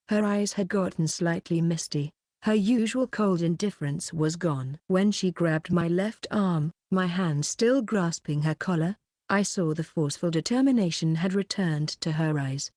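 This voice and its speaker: A woman reads a first-person novel in a measured, even way. Her voice sits on the low side. The sound is close and dry, with no room around it. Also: no room sound. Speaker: audiobook reader.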